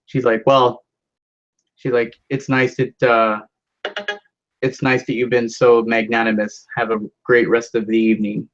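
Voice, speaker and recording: A man's voice: medium pitch, monotone, normal speed, faint music behind. A young man rambling through a story in casual chat with a friend, with many fillers and swearing. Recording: dull lo-fi sound.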